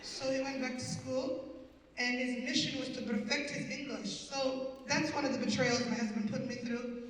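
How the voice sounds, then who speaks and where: Recorded from far off in an echoey community event hall, with slight background noise, this stand-up comedian tells stories with punchy, wry wordplay and a fondness for playing with accents. She is Canadian, in her fifties, and speaks at a normal speed in a high-pitched voice with fairly even intonation.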